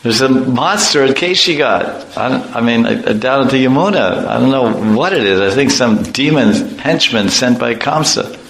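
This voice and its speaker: A man's voice: medium pitch, animated, normal speed, gravelly, few pauses, fairly bright tone. A man voicing a timid, chubby young Brahmin boy who is easily frightened and talks in a panicky, breathless squeal. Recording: echoey room, faint noise.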